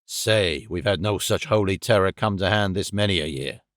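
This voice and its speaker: A man voicing a hulking, brutal older lodge boss with a low, gruff voice. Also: normal speed, a bit bright, no echo, studio quality.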